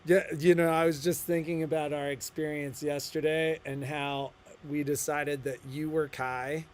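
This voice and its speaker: A man's voice: on the high side, normal speed. A middle-aged man co-hosting a shop livestream, telling stories in casual chat and acting out the dialogue. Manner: animated storyteller, acts out quoted dialogue. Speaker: shop co-owner and livestream host.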